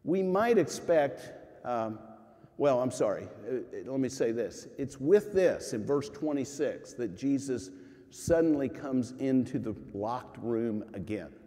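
A man preaching a sermon as pastor, earnest and emphatic, swinging from loud rises to quiet drops. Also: mid-range voice, animated, unhurried. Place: church sanctuary. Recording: church sanctuary with long reverb.

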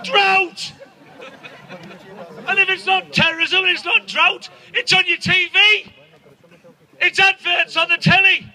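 Male comic, outdoor crowd set; sharp, piercing, loud ranting delivery. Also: very high-pitched, steady tone, moderate pace, low-quality recording. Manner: loud, ranting, profane, shouting punchlines. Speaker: stand-up comedian. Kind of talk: stand-up rant to an outdoor crowd. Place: outdoors at a protest gathering.

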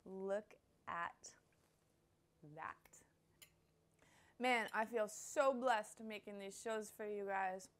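A woman's voice: mid-range voice, steady tone, very slow, long pauses. A woman hosting a home cooking vlog, gushing and heartfelt as she talks to her viewers. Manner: gushing and heartfelt, with frequent laughs and soft asides. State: tearful, crying while she talks. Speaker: cooking show host.

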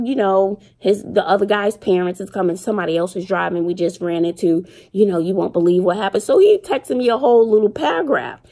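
A middle-aged woman and mother chatting casually to her viewers, telling stories with slang and animated retellings. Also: mid-range voice, gravelly. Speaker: vlogger and single mother. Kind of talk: casual chat to camera.

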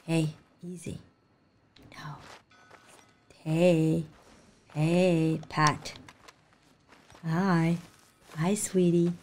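Her voice is low, level, and a little mellow, very slow with long pauses, with slight background noise. Speaking into a desk mic, this gaming channel host reacts to her let's-play in a gushing, emotional way, easily delighted.

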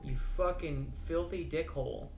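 A man commentating on a game he is playing, profane and self-mocking, with loud outbursts. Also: on the high side, normal speed, vocal fry. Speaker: gaming channel host. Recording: roomy with faint noise.

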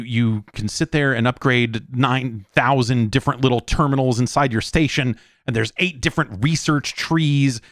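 Exasperated and profane, a podcast host in his forties rants casually, putting on mocking voices to quote what others have said. His pitch is medium and his tone fairly bright. The studio-quality recording is dry.

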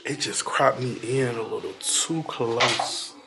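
This vlogger has a medium-pitched, creaky voice and speaks slowly, chatting casually to his viewers on camera with frequent exclamations. Heavy background noise is present.

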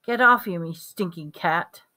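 A woman reading aloud and voicing a frightened, agitated teenage boy, yelling in a shrill, frantic way. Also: measured pace.

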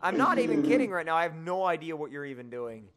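A man's voice: fairly high pitch, animated, quick pace, fairly bright tone. A young man hosting a casual gaming video, teasing his friend and laughing while they play together. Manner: teasing, exasperated, laughs a lot. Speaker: gaming channel host. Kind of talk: casual gameplay chat.

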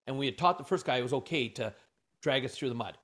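A man, a podcast guest, telling a story in a lively way and acting out the voices of the people in it. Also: mid-range voice, fast. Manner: animated storyteller, acts out dialogue.

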